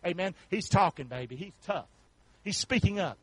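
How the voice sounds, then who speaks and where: A male pastor preaching a sermon, calling out to the congregation for responses and building up to shouts. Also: high voice, lively intonation, moderate pace, slightly rough, no echo, low-quality recording.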